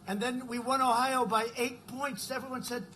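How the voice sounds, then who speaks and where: A man's voice: extremely high pitch, fairly even intonation, normal speed, bright, forceful tone, a little hiss or hum. A man addressing a campaign rally in a rambling, repetitive way, often checking in with the crowd. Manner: rambling, repetitive, keeps asking the crowd "right?". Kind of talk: rally speech.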